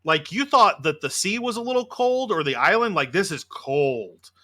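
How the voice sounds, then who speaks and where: Bright-voiced male game master. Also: high voice, expressive, moderate pace. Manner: casual, many fillers. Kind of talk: narrating a tabletop game.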